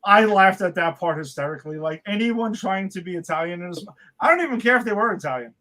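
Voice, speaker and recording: A man's voice: high voice, lively intonation, quick pace, bright, forceful tone, poor audio. A man, co-hosting a casual movie podcast and talking bluntly with plenty of swearing. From New York. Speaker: podcast co-host.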